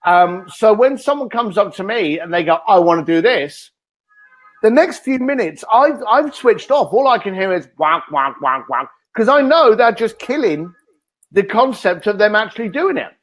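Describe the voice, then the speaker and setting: A man, a guest author in an interview, telling energetic stories and acting out the lines he quotes. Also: high-pitched, moderate pace, soft background music. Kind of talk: animated interview talk.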